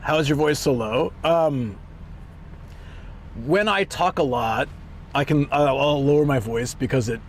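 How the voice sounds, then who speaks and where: A man chatting on a live stream, excitable and rambling, who swings between a higher hyped voice and a deeper relaxed one, his voice strained from hours of talk. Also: a little slow, pauses often, slight background noise. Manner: rambling and excitable, trailing off and restarting. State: voice strained from talking a lot. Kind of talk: casual live stream chat.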